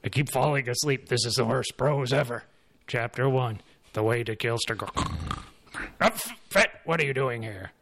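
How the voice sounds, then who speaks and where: A man's voice: medium pitch, moderate pace, a bit bright, pitched below the performer's own voice. A man voicing a flustered, forgetful old scholar who hunts vampires, with an exasperated, mock-dramatic manner.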